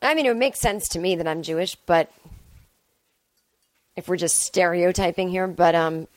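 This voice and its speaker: A woman talks alone into a close mic in a rambling, offhand way, tossing in swear words and jokes at her own expense. Her voice sits a little low for a woman. The sound is dry, with almost no room around it. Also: normal speed, no echo. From Boston area, US. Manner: rambling, chatty, self-deprecating, swears freely. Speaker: podcast host. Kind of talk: casual solo monologue.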